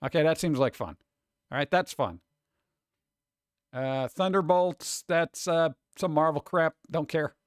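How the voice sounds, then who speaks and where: A man's voice: fairly high pitch, measured pace, pauses often, clean tone, no echo, clean studio sound. A man hosting a casual stream, rambling through news with sarcastic, mocking asides. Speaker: streamer host. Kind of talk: casual chat.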